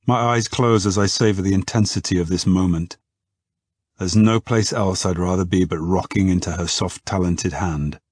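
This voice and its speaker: A man narrating a romance novel in the first person. His voice is deep and husky, and his delivery is close and unhurried. The recording is dry, with no room sound. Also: steady tone, a little mellow, no room sound. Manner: intimate, unhurried storytelling. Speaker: audiobook narrator.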